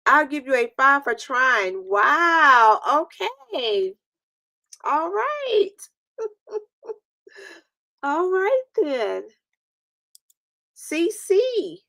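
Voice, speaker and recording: High, very animated, and pushed bright, her voice moves very slowly with long pauses and no echo. This chatty New York woman hosts a casual stream, laughing frequently and playing with her viewers.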